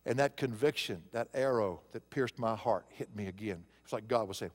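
A man's voice: lowish voice, moderate pace, hardly any pauses, long reverb tail. A male pastor preaching a sermon, telling a personal story in a conversational way and rising to emphatic preaching.

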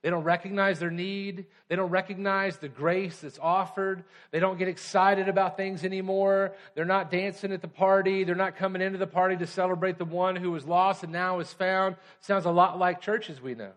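A pastor preaching a conversational sermon, often checking in with the congregation. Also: male voice, high-pitched, steady tone, moderate pace, hardly any pauses, fairly bright tone.

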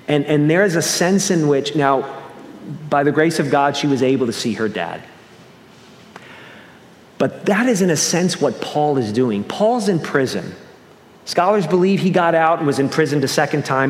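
Preaching in a church sanctuary, this man from the American Northeast has a somewhat high voice and an earnest delivery. He keeps restarting phrases and changing his pace as he goes. There's long reverb from the echoey hall, plus slight background noise.

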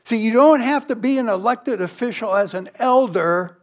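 A man's voice: very high voice, moderate pace, dull audio. A man preaching a sermon as pastor, earnest and emphatic, with rhetorical questions and lists.

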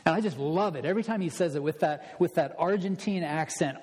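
A man's voice: high voice, animated, a little fast, hardly any pauses, darkish tone, big-room sound. A man preaching an expository sermon as a pastor, emphatic and stressing his points through repetition.

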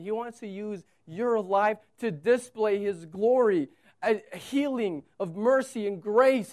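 A pastor delivers a sermon at a medium pitch, swinging between loud urgency and hushed storytelling. He asks listeners to imagine the scene.

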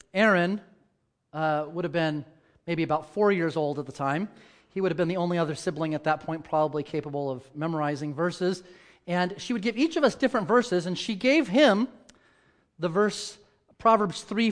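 A church elder preaching a sermon, moving between scripture reading, a quiet prayer and personal stories with loud dramatic peaks. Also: male voice, sits high. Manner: reads scripture, prays softly, then tells stories and rises to loud dramatic peaks.

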